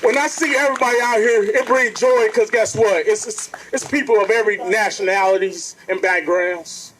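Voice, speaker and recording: A man's voice: sits high, steady tone, moderate pace, a bit bright, a little hiss or hum, rough recording. A man speaking to an outdoor protest rally, earnest and preacherly, repeatedly calling out to the crowd. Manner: earnest, preacherly, keeps addressing the crowd directly. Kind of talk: impassioned protest speech.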